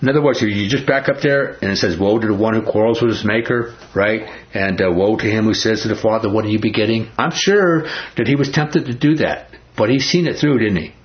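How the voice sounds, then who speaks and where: A man's voice: fairly low pitch, a little fast, lo-fi sound. A man teaching a Bible study in a folksy, emphatic way, often asking the group questions.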